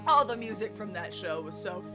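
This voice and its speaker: A woman's voice: medium pitch, expressive, brisk. A young woman game streamer chatting casually with viewers, swearing freely and trailing off mid-thought. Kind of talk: casual chat with live chat. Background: game music.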